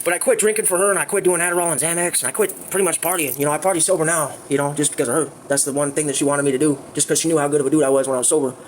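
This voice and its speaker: A man's voice: fairly high pitch, fairly even intonation, rapid-fire, few pauses, a little hiss or hum. A man telling a crude, rambling story in casual livestream chat, full of fillers.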